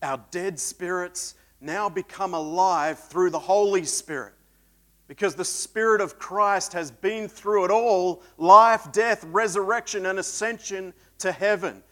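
A man preaching a sermon, swinging between loud emphatic peaks and quiet reflective stretches. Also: high-pitched.

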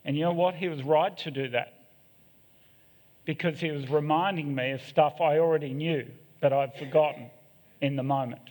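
A middle-aged man preaches in a church hall, frank about his own failings and given to joking asides. His voice sits a little high for a man. Long reverb from the hall trails after his words. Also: steady tone, moderate pace, darkish tone. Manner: candid, self-deprecating, joking asides. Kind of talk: sermon.

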